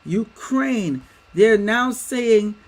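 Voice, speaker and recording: A man's voice: high-pitched, animated, drawn-out words, rough recording. A man hosting a livestream, speaking emphatically to his viewers and firing off rhetorical questions. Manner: addresses viewers as y'all. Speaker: livestream host. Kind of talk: livestream commentary. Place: home setup with a green screen.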